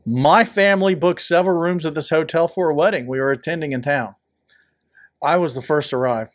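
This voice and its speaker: A man's voice: a little high, fairly quick, no room sound. A man co-hosting a casual podcast, teasing his partner with dry wisecracks. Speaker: podcast co-host. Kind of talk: casual chat.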